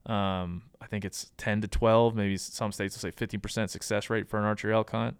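A man's voice: on the low side, flat delivery, fairly quick, clear, resonant tone, dry recording, studio quality. A man speaking as a podcast guest, giving casual advice in a thoughtful way with frequent ums and restarts.

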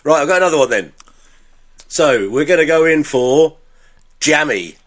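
A man's voice: a little high, animated, moderate pace. Hesitant English man explaining slang. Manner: hesitant, restarts often. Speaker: podcast co-host. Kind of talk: casual explaining.

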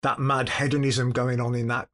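A man's voice: medium pitch, little pitch movement, normal speed, fairly bright tone. A man co-hosting a casual book podcast, talking enthusiastically in a loose, rambling way. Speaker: podcast co-host.

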